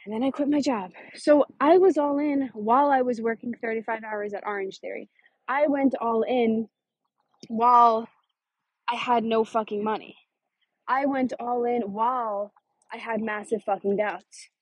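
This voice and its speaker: Woman business coach, higher husky voice, dry close sound; blunt, profane, punchy. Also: dry recording. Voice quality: swears freely, emphatic. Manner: fast, punchy delivery with sudden stresses. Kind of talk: casual motivational monologue.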